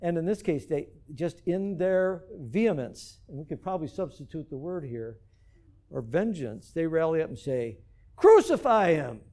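A man preaches in a fairly high, mellow, expressive voice at a moderate pace. As the church's pastor, he speaks earnestly and keeps putting rhetorical questions to the congregation.

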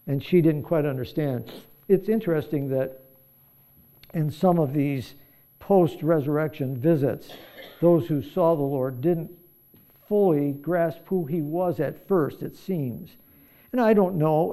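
Soft-toned man preaching a reflective sermon. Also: fairly high pitch. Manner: conversational, reflective, thinking aloud with restarts. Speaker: pastor.

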